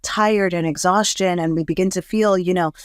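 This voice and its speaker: A woman hosts a podcast in an unhurried, reflective chat, her voice low and clear. She drifts through her thoughts with many fillers. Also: fairly even intonation, dry recording, clean studio sound. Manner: flowing, reflective, with frequent fillers. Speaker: podcast host. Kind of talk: casual conversation.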